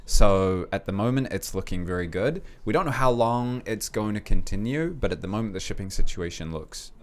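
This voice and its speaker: A man co-hosting a car-export live stream, explaining shipping news in a steady, reassuring way. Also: fairly low pitch, brisk.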